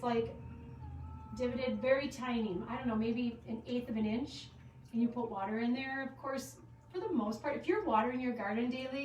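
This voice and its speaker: A woman's voice: fairly high pitch, darkish tone, reverberant, distant mic, a little hiss or hum, low-quality recording. Chatty giggly woman selling in her shop. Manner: chatty, giggly, goes off on tangents. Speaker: gift shop owner hosting a live sale. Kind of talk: casual live-stream product showcase. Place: inside a small gift shop with a trickling fountain.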